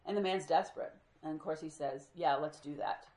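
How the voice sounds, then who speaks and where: A woman's voice: deep voice, brisk, echoey room. A woman teaching a group Bible study, telling stories with energy and acting out what people said. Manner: lively storyteller who acts out quoted speech.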